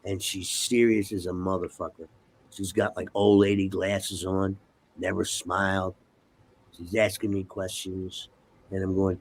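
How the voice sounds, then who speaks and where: A man spins a profane story and acts out every exchange in it. His voice is gravelly and a little husky. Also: sits low, a little slow. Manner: profane, animated storyteller acting out dialogue. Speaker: interview guest. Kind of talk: casual storytelling.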